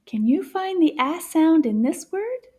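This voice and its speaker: A woman teaching a children's French lesson in a gentle, encouraging way, often dropping into soft asides. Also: very high-pitched, very animated, measured pace.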